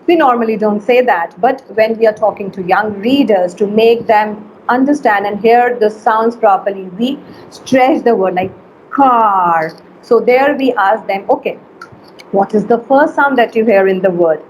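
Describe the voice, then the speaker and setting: A woman teacher giving an online phonics lesson, slowly stretching and sounding out letters and words. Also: mid-range voice, a little mellow, a little hiss or hum, low-quality recording.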